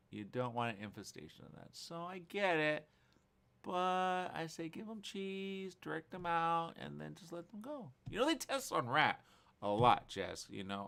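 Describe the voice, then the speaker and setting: Rambling, lively male talk-show host. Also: a little high, creaky, smooth. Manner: rambling, animated storytelling with playful what-ifs. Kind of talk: casual chat. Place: studio.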